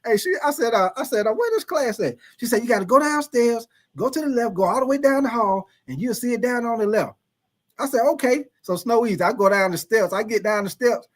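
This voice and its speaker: A man's voice: very high-pitched, fairly quick. A man hosting a livestream, casually telling a profane story to his chat, laughing often and calling out viewers by name. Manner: animated, laughing, profane, calls out chat names. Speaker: livestream host.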